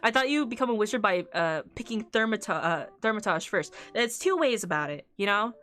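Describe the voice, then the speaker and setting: A woman's voice: mid-range voice, lively intonation, fairly quick, a bit bright. A woman streamer in a casual, rambling chat, often breaking into laughter.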